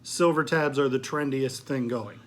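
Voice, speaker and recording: A man's voice: medium pitch, moderate pace. A middle-aged man hosting a casual resale vlog, talking through his finds in an easygoing way with frequent ums and restarts. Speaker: eBay reseller and channel host. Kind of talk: casual thrift haul vlog chat.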